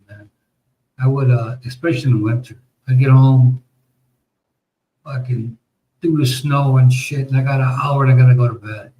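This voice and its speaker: A man's voice: medium pitch, a little mellow, low-quality recording. An American man telling a long, rambling story in casual chat, swearing often and restarting his sentences. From United States. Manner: rambling, profane, lots of restarts and fillers. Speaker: podcast host.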